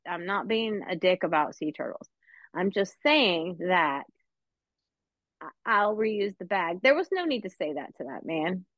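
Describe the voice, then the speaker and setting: A woman hosting a casual talk show, telling animated, profane stories and laughing often. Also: lowish voice, measured pace, no room sound, lo-fi sound. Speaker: podcast host. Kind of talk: casual storytelling chat.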